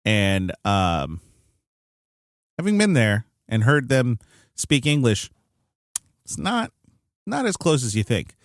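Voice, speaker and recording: A man's voice: medium pitch, big pitch swings, slow pace, pauses often, no room sound, studio quality. A man co-hosting a podcast in casual chat, rambling and hedging a lot, with some swearing. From United States. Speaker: podcast co-host.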